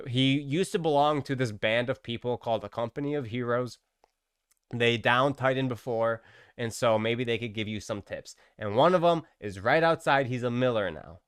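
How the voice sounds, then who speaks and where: Man doing a blunt commander, slangy and insistent, with a dry, clear voice. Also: medium pitch, moderate pace, no echo, natural voice. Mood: urgent. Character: blunt military commander, urgent and pushy.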